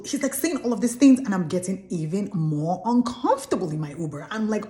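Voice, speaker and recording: A young Nigerian woman telling a storytime vlog in an animated, exclamatory way. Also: medium pitch, moderate pace. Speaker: vlogger. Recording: roomy echo.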